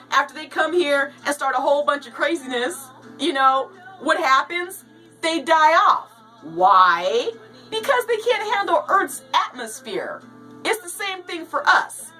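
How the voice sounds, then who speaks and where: A woman giving casual, animated commentary on news stories, with jokey asides. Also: sits high, distant mic, rough recording. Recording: voice a bit off-mic, with light music behind.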